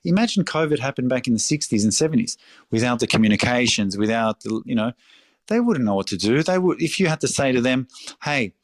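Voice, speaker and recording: A man's voice: mid-range voice, lively intonation, fast, no room sound. A middle-aged Australian man, a restaurateur speaking in a podcast interview, passionate and emphatic, repeating phrases and swearing freely. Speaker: restaurateur guest.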